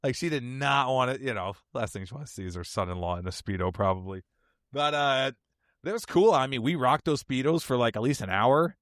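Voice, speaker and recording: A man hosting a podcast, telling a funny personal story in a casual, animated way and laughing often. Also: mid-range voice, fairly quick, no echo, studio quality. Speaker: podcast host.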